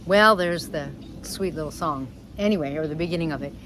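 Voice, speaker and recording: A middle-aged woman vlogging casually about her parrot, chatty and animated, sometimes talking to the bird. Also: low voice, fairly quick, a little hiss or hum, poor audio. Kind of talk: casual storytelling vlog. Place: screened patio outdoors.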